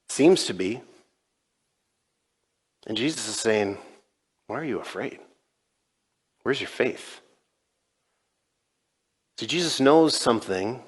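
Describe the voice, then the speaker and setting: A male pastor preaching a sermon in a conversational way, retelling scenes and voicing quoted dialogue. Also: medium pitch. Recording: long reverb in a large church.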